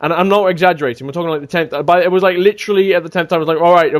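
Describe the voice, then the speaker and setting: A man telling a gaming story on a casual podcast, animated and swearing freely. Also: high voice, racing. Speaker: podcast regular.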